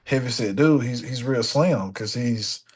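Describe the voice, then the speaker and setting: A young man telling a funny studio story in a casual sit-down conversation, animated and dropping into the voices of the people in it. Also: medium pitch, unhurried. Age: young adult. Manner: animated, slips into voices of the people in his stories. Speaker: guest musician.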